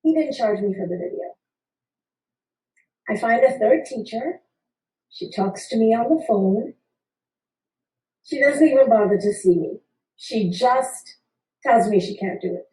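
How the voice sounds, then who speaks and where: Animated woman telling a personal story. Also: a little high, a little slow, long pauses. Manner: animated, playful, acts out the people in her story. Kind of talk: personal story told to an audience. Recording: roomy sound from a distant mic.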